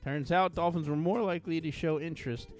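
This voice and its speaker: A man's voice: a little high, brisk, a little mellow, soft background music. A man hosting a podcast, joking around and reading a news item aloud in a playful tone. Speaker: podcast host. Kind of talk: casual podcast chat.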